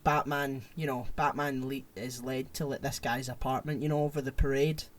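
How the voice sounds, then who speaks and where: A man co-hosting a podcast, chatting casually and retelling a film plot in an animated, rambling way. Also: medium pitch, moderate pace, a crowd in the background. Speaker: podcast co-host. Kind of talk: casual chat.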